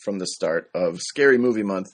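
Low-voiced man plugging a podcast. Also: moderate pace. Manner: reads show plugs, joking and relaxed. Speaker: podcast co-host. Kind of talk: casual podcast chat.

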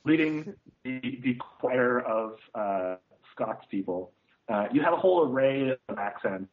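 A man co-hosts a casual podcast, delivering a rambling, scathing film review packed with "uh" and "like." His voice is medium-pitched with lively intonation and a measured pace. The line sounds tinny, like a phone.

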